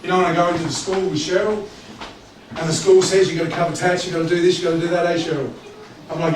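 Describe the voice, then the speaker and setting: A man preaching a sermon as pastor, animated and joking in a conversational way. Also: on the high side, fast. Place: church. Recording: echoey church hall from a distance with background noise.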